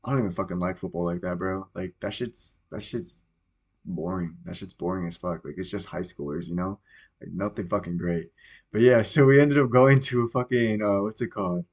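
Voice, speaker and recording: A man's voice: sits low, steady tone, fairly quick, a little mellow. A young man hosting a podcast, telling a story in a rambling, profane, casual way with plenty of fillers. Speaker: podcast host.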